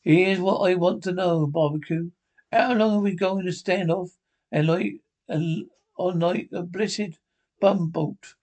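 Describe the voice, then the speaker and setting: A grumbling, impatient pirate coxswain, acted by a male reader, growling in rough sailor dialect. The voice sits slightly high. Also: fairly even intonation, slow pace, a little mellow.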